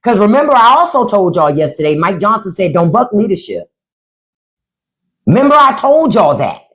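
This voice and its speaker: Animated, blunt woman hosting a livestream. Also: mid-range voice, fairly quick. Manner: animated, blunt and profane, mimicking others. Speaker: livestream host. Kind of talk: casual political commentary livestream.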